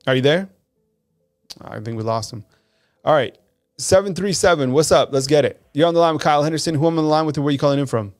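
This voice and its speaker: Male host for a live sports call-in show, animated and conversational, faint music underneath. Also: on the high side, fast. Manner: animated, conversational, reads fan comments aloud.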